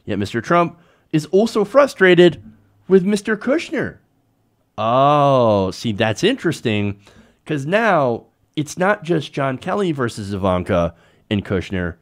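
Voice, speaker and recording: Animated sarcastic male political commentator. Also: mid-range voice, unhurried. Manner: sarcastic, animated, reads quotes aloud and comments. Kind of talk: solo political commentary reading news.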